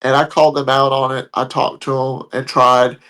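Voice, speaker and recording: A man's voice: mid-range voice, flat delivery, moderate pace, fairly bright tone, clean tone. A man telling a story in a casual, blunt, heated way, swearing freely. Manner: blunt, profane, heated retelling. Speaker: podcast guest telling a story.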